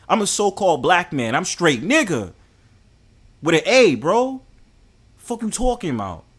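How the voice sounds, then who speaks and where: Young new york guy ranting to his chat, high-pitched, swears a lot, gets fired up and jokes around. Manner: profane, animated, heated and joking. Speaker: host. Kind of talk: casual rant to a live chat.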